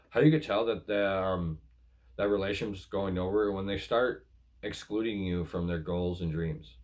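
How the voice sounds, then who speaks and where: A man with a somewhat low voice gives relationship advice to his viewers. He talks casually and earnestly, circling back over his points and calling his audience guys. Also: darkish tone.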